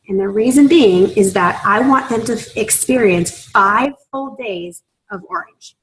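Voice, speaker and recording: A woman's voice: mid-range voice, a little slow, low-quality recording. A woman leading a sales training session, talking in a persuasive, conversational way and often checking in with her listeners. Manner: persuasive, conversational, checks in with "right?" and "you understand?". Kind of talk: training talk to a group.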